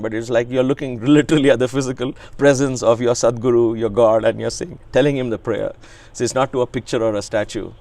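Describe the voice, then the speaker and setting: A man in his sixties, an interviewee, telling a reverent personal story in an earnest way. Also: medium pitch. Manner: earnest, reverent, frequent restarts and soft laughs. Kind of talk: reflective storytelling.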